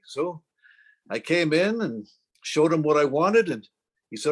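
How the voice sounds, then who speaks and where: A middle-aged man with a fairly high speaking voice tells a long, self-deprecating anecdote in a relaxed podcast chat. He slips into the voices of the people in his story as he goes. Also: moderate pace, long pauses. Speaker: podcast co-host. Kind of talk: casual storytelling.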